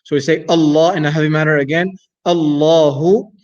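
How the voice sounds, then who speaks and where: A man's voice: on the high side, fairly even intonation, quick pace. A man, an imam, teaching Quran recitation patiently, repeating each sound several times with some hesitant fillers. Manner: hesitant fillers between explanations. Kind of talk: slow, repetitive recitation lesson. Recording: dull lo-fi recording.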